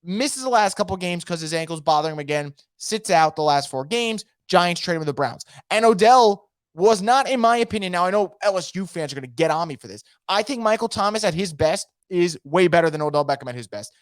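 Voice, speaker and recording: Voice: medium pitch, lively intonation, fairly quick, few pauses, no echo, studio quality. A sports podcaster giving emphatic, opinionated takes straight to the listener in a solo podcast. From fan of a New Orleans team.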